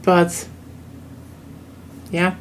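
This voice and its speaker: A woman's voice: drawn-out words, a little hiss or hum. Rambling German woman streamer. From southern Germany. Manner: rambling, many fillers and restarts. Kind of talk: casual chat while gaming.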